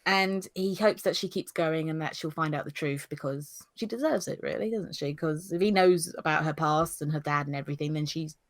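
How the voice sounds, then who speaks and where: Chatty woman with a lowish voice. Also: fairly quick, few pauses. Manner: chatty, giggly, animated retelling. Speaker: podcast co-host, newbie reviewer. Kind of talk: casual review chat.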